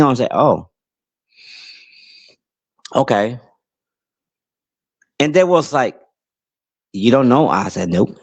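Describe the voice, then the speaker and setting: A man who grew up between Puerto Rico and New York, hosting a podcast and telling a rambling casual story with many restarts and animated outbursts. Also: mid-range voice, takes it slowly, pauses often, husky. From Puerto Rico, raised in New York. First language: English. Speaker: podcast host.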